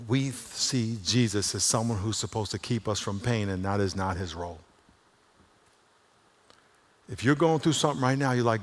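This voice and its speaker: A pastor preaching to his congregation, his mid-range man's voice dropping low and then rising loud to exhort. The sound rings with the long reverb of a big church sanctuary. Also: normal speed. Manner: swings between hushed and loud, exhorting. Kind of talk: sermon. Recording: long reverb of a large hall.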